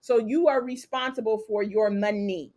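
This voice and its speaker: A woman's voice: mid-range voice, steady tone, normal speed, a little mellow. A woman teaching a live online trading class, walking viewers through steps and checking in with "okay?" and "capiche?" as she goes. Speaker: trading instructor.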